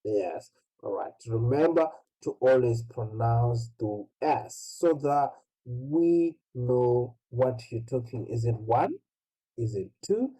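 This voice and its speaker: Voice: mid-range voice, expressive, slow pace, mellow, husky, poor audio. An English pronunciation teacher tutoring one student, patiently explaining and checking in with "right?" after nearly every phrase.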